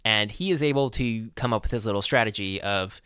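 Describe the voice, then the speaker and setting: Man with a bright, crisp voice. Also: on the low side, no echo, clean studio sound. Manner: halting, filler-heavy recap. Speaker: podcast co-host. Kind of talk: casual movie discussion.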